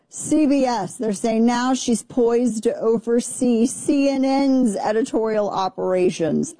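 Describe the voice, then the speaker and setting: Sarcastic, husky-voiced woman commentator. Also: mid-range voice, warm tone, no echo. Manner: opinionated, sarcastic. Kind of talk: casual opinion commentary.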